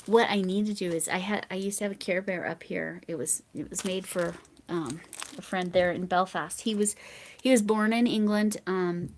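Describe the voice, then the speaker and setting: A woman's voice: mid-range voice, a little hiss or hum. Chatty rambling American woman host. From United States. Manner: chatty and rambling, drifting into soft mumbled asides. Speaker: livestream host. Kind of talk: casual live chat reading viewer comments.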